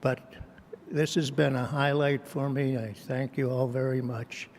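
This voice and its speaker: An older man with laryngitis giving a halting, emotional acceptance speech at a banquet, hoarse and full of restarts. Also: medium pitch, flat delivery, a little mellow. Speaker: hall of fame inductee giving acceptance speech. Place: banquet hall. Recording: reverberant hall, faint room noise.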